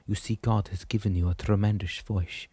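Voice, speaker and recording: A man reading as a gracious woman opera singer, speaking softly with an Italian accent. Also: lowish voice, steady tone, moderate pace, breathy edge, dry recording. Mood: gentle. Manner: soft and hushed.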